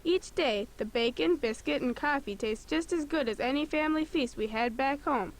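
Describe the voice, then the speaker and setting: A woman's voice: sits high, moderate pace. A woman voicing a hardy, plainspoken pioneer woman in a computer game. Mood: content.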